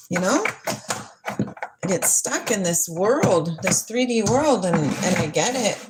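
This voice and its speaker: A woman's voice: medium pitch, sing-song, takes it slowly, very noisy. A woman in her forties hosting a livestream, chatting in a rambling, dreamy and playful way and answering viewers' comments. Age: 40s. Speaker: livestream host. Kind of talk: casual chat with live chat.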